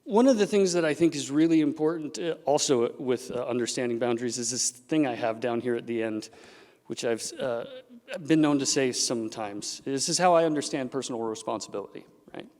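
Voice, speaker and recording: A man giving a symposium talk as a therapist, animated and acting out the voices he quotes. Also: mid-range voice, a little fast. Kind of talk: symposium presentation. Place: event hall. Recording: long reverb of a large hall.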